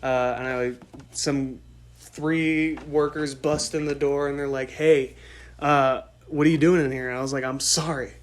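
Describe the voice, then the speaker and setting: A man in his twenties hosting a podcast, telling a rambling story in an excitable way and laughing often. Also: mid-range voice, a little slow. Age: 20s. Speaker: podcast host. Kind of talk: casual storytelling monologue.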